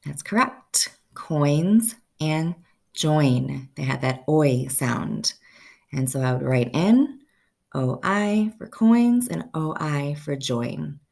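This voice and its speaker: A woman teaching a first-grade phonics lesson, slowly stretching out each sound so children can say the words with her. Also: sits low, big pitch swings, gravelly, darkish tone.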